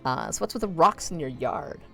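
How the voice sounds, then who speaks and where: A woman's voice: sits low, expressive, a little fast, creaky, a bit bright, soft background music. A woman streamer casually playing a game, reading her choices aloud with hesitant fillers. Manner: hesitant, lots of uh and restarts.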